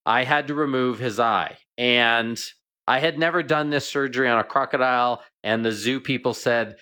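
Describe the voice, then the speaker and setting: A middle-aged man, a veterinarian guest, chatting and telling animated stories in a radio interview. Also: medium pitch, normal speed.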